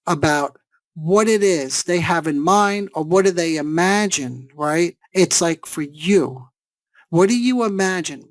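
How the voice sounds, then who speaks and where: In a seminar lecture on therapy, a male psychologist explains things one step at a time, pausing for rhetorical questions. He has a high-pitched voice, recorded with no echo.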